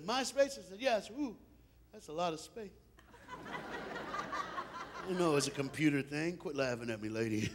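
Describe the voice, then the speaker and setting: A man from Tennessee preaching a sermon in a church, telling funny stories and swinging from hushed to shouting. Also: a little high, a little hiss or hum. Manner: humorous storytelling with laughs.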